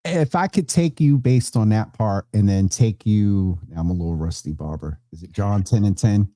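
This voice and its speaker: A man's voice: fairly low pitch, moderate pace, mellow, no echo, clean studio sound. A male host who interviews with short, affirming replies.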